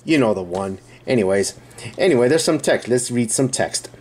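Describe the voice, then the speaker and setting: A man's voice: mid-range voice, animated, moderate pace, a little mellow, a little hiss or hum. A man hosting a casual unboxing and review, rambling, correcting himself and chuckling as he reads the box aloud. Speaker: channel host reviewing a build kit.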